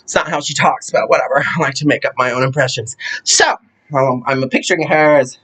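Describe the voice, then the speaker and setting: A man from Ohio telling a funny family story in a campy, theatrical, animated way. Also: a little high, a little fast. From Ohio, USA. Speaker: comedic storyteller. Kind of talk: casual comedic storytelling vlog.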